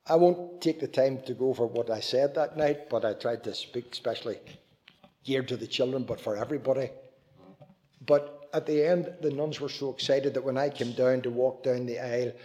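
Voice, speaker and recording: A man with a Northern Irish accent, an evangelist telling a church audience a lively story and preaching as he goes, acting out voices along the way. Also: medium pitch, muffled recording. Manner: animated, acts out voices in his stories.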